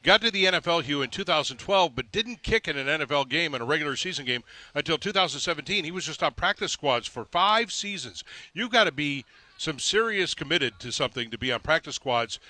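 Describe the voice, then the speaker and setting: A man hosting sports talk, asking brisk, enthusiastic questions and summing up the guest. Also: a little high, animated, bright, forceful tone, dry recording. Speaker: sports radio host.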